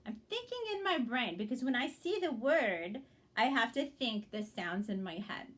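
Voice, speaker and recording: A woman's voice: fairly high pitch, expressive, moderate pace, a bit bright. A woman teaching young children to blend word sounds in a reading lesson, speaking patiently and encouragingly and checking in often.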